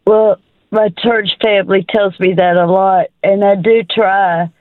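A woman from Georgia, calling a radio show from her parked car, tearful, apologetic and halting. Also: medium pitch, steady tone, dry recording. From Georgia, USA. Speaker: caller. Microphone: phone. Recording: tinny phone line.

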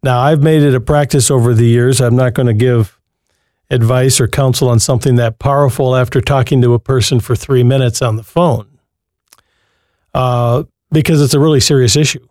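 A man's voice: medium pitch, fairly even intonation, moderate pace, a little mellow, no echo, clean studio sound. A man hosting a Christian call-in advice show, talking to callers in a reassuring, folksy way. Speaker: radio call-in host.

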